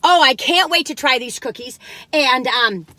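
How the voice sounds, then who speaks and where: Bubbly high-voiced woman vlogging. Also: normal speed, bright, forceful tone, dry recording. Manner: bubbly, rambling, breaks into singing. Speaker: food review vlogger. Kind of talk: chatty cookie taste-test vlog. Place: inside a parked car.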